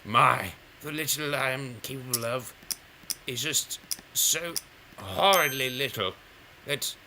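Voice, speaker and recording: A man's voice: mid-range voice, takes it slowly, bright, forceful tone, a little hiss or hum. A man giving casual, rambling gameplay commentary, playful and self-mocking, counting numbers aloud as he plays. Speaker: gaming channel host.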